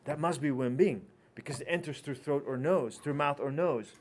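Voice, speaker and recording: A man's voice: a little high, moderate pace, darkish tone. A man giving a teaching lecture, telling a casual anecdote and acting out both doctor and patient.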